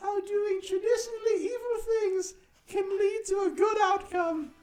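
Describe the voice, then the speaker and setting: A man shouting as a tiny boy, high and preachy. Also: steady tone, unhurried, a crowd in the background. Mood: exultant. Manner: high-pitched shouted proclamation. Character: tiny sickly boy, suddenly cured and preachy. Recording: roomy echo, faint music.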